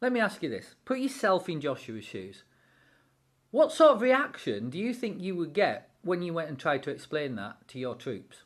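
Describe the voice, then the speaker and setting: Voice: mid-range voice, moderate pace. Devotional speaker preaching, voice jumps all over, acts out the bible bits. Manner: animated, acts out quotes. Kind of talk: devotional sermon talk.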